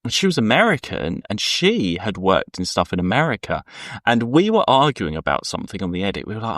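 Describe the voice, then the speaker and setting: In a casual podcast chat, a male co-host with a fairly low, fairly bright voice gets very animated and talks fairly quickly. He rambles through anecdotes and acts out the people he quotes. Studio quality, no echo.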